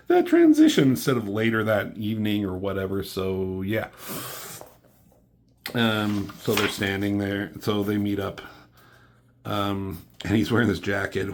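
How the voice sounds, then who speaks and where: A man's voice: lowish voice, lively intonation, unhurried. A young man casually reviewing a comic, rambling, laughing and acting out the characters' lines in voices. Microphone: camera mic.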